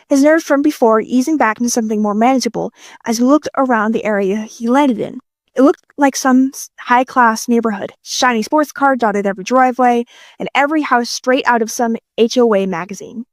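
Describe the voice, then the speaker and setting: A woman's voice: fairly high pitch, brisk, dry recording. A woman reading a fanfiction audiobook in a casual, playful way, swearing freely. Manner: casual, profane, playful delivery. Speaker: audiobook narrator.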